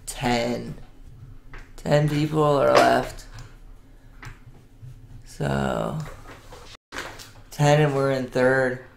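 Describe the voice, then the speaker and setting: A man's voice: mid-range voice, lively intonation, extremely slow, long pauses. A man streaming online poker, chatting casually and cooing affectionate baby talk to his dogs between hands at home. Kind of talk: casual live-stream chat with poker commentary. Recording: roomy echo with clear background noise.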